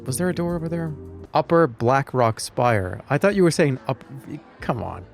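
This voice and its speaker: A man's voice: mid-range voice, very animated, normal speed, gravelly, soft background music. A man streaming a video game, chatting loosely with his audience in a rambling, joking way. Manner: rambling, jokey, talks to chat. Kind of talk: live gaming commentary.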